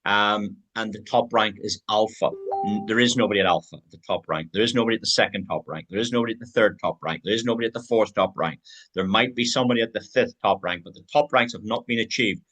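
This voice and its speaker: A man's voice: lowish voice, fast talker, a bit bright. A man giving an online sales presentation, upbeat and persuasive, talking straight to his viewers and chuckling as he tells stories.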